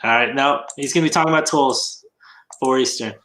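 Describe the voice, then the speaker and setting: A man's voice: medium pitch, brisk, bright, forceful tone. A man co-hosting a casual livestream, easygoing and self-deprecating, speaking over a computer mic. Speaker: co-host of a reseller livestream. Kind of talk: casual livestream chat while working.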